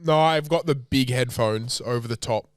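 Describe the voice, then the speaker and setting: A man's voice: medium pitch, moderate pace, no echo, clean studio sound. A young Australian man co-hosting a podcast, bantering bluntly with lots of swearing in casual chat. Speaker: podcast co-host.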